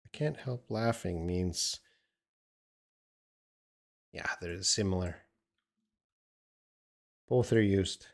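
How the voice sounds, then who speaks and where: A man's voice: sits low, drawn-out words, creaky, pauses often. A man teaching English in a live-stream Q&A from home, answering viewers in a blunt, opinionated, teasing way.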